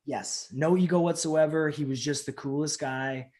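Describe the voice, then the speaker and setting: Man telling a lively anecdote in a fairly high voice. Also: moderate pace, a crowd in the background. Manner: animated, acts out the voices of people in his stories, fills in with "like". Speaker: professional wrestler, interview guest. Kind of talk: casual interview storytelling.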